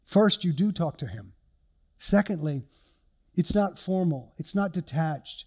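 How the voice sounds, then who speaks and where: A man's voice: fairly high pitch, expressive, a little slow, a little mellow. An older male pastor delivering an earnest, conversational sermon with personal stories.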